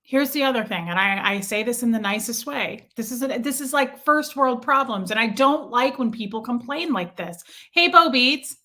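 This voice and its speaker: Bright-voiced woman venting on a livestream. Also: a little high, lively intonation, normal speed, few pauses. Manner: chatty, venting, repeats herself. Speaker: livestream host reading chat. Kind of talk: casual livestream chat.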